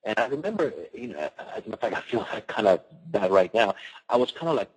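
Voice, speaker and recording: A man's voice: on the low side, animated, fast talker, husky, low-quality recording. A man who runs a martial arts studio gives a casual webinar talk on running a business, telling personal stories in a loose, conversational way full of "you know".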